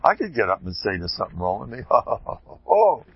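A man giving an informal Torah talk, animated and digressive, with chuckling asides, on a dull lo-fi recording. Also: fairly low pitch, a little fast, slightly rough, no echo. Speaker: religious lecturer.

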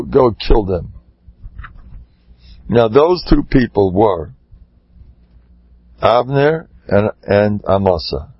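Husky man teaching with fiery outbursts. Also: mid-range voice, no room sound, dull audio. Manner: swings from mumbling asides to impassioned shouting. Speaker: Torah teacher. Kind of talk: dramatic Torah class storytelling.

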